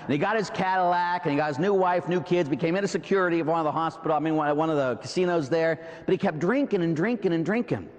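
A man's voice: fairly high pitch, quick pace, few pauses, big-room sound, muffled recording. A man with a Pittsburgh accent preaching a Catholic sermon, full of rhetorical "huh?" and "right?" asides. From Pittsburgh, USA. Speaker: Catholic priest.

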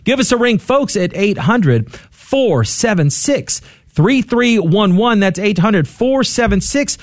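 A man co-hosting a Catholic radio pledge drive, upbeat and steady, slowing down to repeat the donation phone number. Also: high-pitched, dry recording, clean studio sound. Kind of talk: radio fundraising appeal.

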